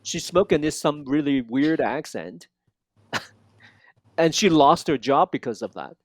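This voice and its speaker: A man coaching a student one on one, modeling lines slowly and repeating them with lively energy. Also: fairly high pitch, no room sound. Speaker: accent coach. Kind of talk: one-on-one language lesson.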